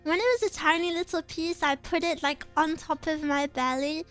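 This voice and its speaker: A young woman with a high voice chats loosely on her stream, drifting from one thought to the next and laughing as she goes. Quiet background music plays faintly under her. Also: steady tone, moderate pace. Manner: chatty, rambling, giggly. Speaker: VTuber streamer. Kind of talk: casual chat stream.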